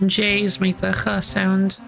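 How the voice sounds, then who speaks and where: A woman streaming a game and chatting casually, easily exasperated and quick to laugh. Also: mid-range voice, completely flat delivery, creaky, soft background music. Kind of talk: casual chat.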